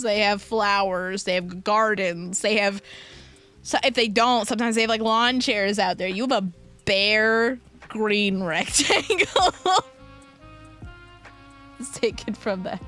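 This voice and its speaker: A young woman chats on her live stream, giggling and drifting into playful tangents. Her voice sits high and bright and swings widely in pitch. Soft music plays faintly behind her. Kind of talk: casual live-stream chat reading viewer messages.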